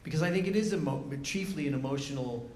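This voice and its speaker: A man, a film director as guest, talking in an onstage festival discussion, halting with many restarts and frequent laughs. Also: on the high side, a little mellow. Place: festival event venue. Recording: echoey room, faint noise.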